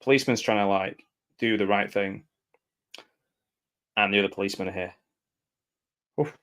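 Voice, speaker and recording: A man giving casual live commentary over a film, reacting aloud and often dropping into quiet mumbled asides. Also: on the low side, normal speed.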